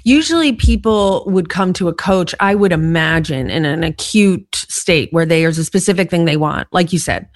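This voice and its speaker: Woman interviewer, lowish voice, curious, dry close recording. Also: expressive, normal speed, hardly any pauses, no room sound. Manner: curious, asks follow-up questions. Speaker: podcast host. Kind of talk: casual interview conversation.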